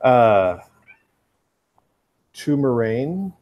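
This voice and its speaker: A man's voice: medium pitch, big pitch swings, very slow, darkish tone. A man narrating as game master in a tabletop role-playing game, dry and teasing.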